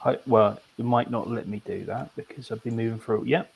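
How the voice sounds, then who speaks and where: A man's voice: mid-range voice, fairly even intonation, fairly quick, gravelly, a little hiss or hum. A man playing a tabletop game, talking hesitantly as he thinks aloud. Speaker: player.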